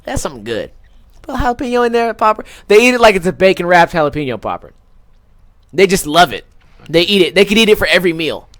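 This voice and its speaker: A man's voice: sits high, big pitch swings, fast, a bit bright, dry recording. A young man hosting a podcast, ranting comically about food in a profane, exaggerated way, with lots of fillers. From Las Vegas. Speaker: podcast host. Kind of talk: casual comedic rant.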